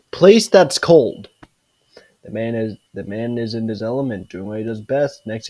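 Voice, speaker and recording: A man reading a creepy rhyming storybook aloud, slowly and stumbling over words. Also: mid-range voice, dark tone, dry recording. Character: spooky storybook narrator.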